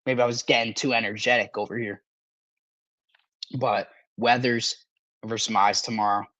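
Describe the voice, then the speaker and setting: A male sports podcast host talking casually on a live stream, excitable and animated, with a parched throat that keeps making him cough and clear it. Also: medium pitch, moderate pace, no room sound.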